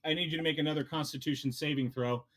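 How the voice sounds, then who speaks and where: A man's voice: on the high side, steady tone, fast talker, fairly bright tone. Rambling man running a tabletop game. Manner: rambling, many fillers and restarts. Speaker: dungeon master.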